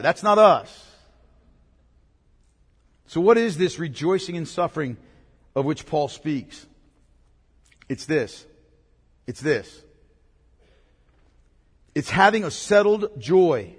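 A man's voice: a little high, animated, takes it slowly, pauses often, breathy edge. A man preaching a sermon in an emphatic way, repeating key words and asking the congregation questions. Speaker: pastor. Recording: long reverb of a large hall.

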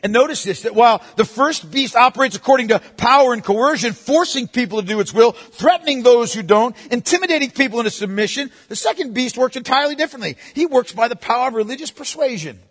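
A man preaching a sermon, moving between forceful proclamation and hushed, playful asides to the congregation. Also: very high voice, lively intonation, fast talker, few pauses, slightly rough, big-room sound. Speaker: pastor.

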